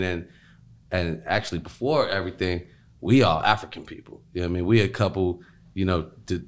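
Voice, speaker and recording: Low-voiced man, laid-back. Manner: laid-back, rambling, says "you know what I mean" constantly. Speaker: podcast guest. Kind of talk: casual interview talk.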